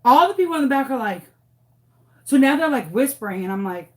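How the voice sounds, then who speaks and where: Animated woman telling a story. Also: sits high, fairly quick. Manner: animated, dramatic, acts out what people said. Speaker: crafter and former schoolteacher. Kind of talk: casual storytelling during a craft tutorial.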